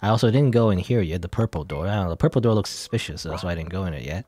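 Rambling, joking let's-play gamer, low voice, dry mic. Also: male voice, very fast, hardly any pauses, a little mellow, no room sound, soft background music. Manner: rambling, joking, filler-heavy. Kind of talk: casual game commentary.

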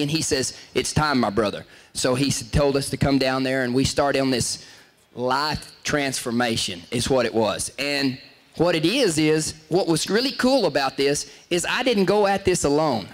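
A man hosts his show with rambling, casual storytelling. His voice sits fairly high for a man. He keeps cutting himself off, restarting sentences and laughing at his own stories. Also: normal speed. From Texas. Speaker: show host.

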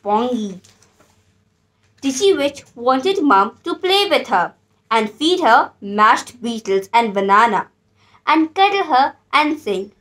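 Woman storyteller for kids; slow, gentle read-aloud, slightly high voice. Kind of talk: children's storybook reading.

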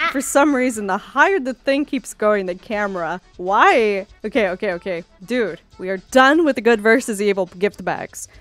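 A woman giving casual gameplay commentary, excitable and playfully dramatic, gasping at each result. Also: medium pitch, no echo. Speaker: gaming YouTuber. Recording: faint music behind.

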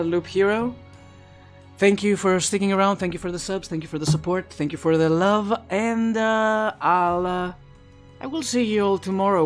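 A man streaming a video game live, chatting in a loose, rambling way and often restarting his sentences. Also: sits high. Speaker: Twitch streamer. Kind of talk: live gameplay commentary. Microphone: his own streaming microphone.

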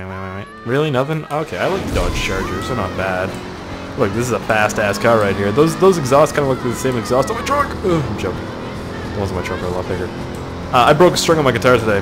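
Young man, let's-play commentary, lively swinging pitch, profane and excitable, game music behind. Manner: excitable and heavily profane, jokey running chatter. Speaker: gaming video host. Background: game music and car sounds.

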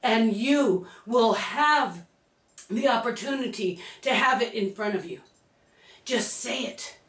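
A woman giving an emphatic, repetitive motivational pep talk, breaking into shouts. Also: fairly high pitch, slow. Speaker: motivational speaker. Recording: echoey room, distant mic.

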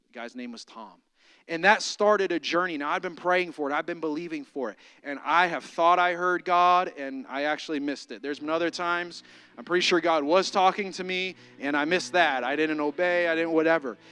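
A man preaching a sermon, telling a personal story in a conversational way with many fillers and restarts, then building to forceful preaching. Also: fairly high pitch, a little fast, soft background music.

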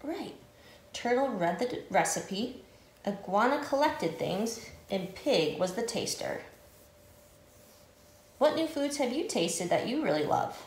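A woman reads a picture book aloud to children in an animated, sing-song way. Her pitch rises and falls widely as she narrates, then asks the kids questions. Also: takes it slowly, long pauses, reverberant. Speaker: nutrition educator.

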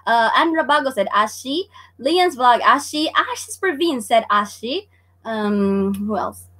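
Bubbly high-voiced woman teacher. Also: lively intonation, unhurried, fairly bright tone. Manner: bubbly, laughs often, greets chat viewers by name. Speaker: online Japanese teacher. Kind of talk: livestream lesson, chatty quiz hosting.

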